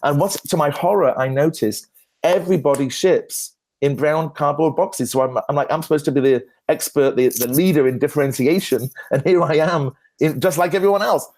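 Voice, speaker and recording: A man, a branding expert guest at a conference Q&A, telling lively anecdotes with self-deprecating humor and frequent restarts. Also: fairly high pitch, normal speed. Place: conference stage.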